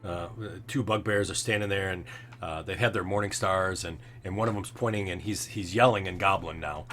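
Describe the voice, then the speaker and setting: A man narrating as game master of a tabletop game, halting with many fillers and restarts. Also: low-pitched, fairly bright tone, slight background noise. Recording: faint background music.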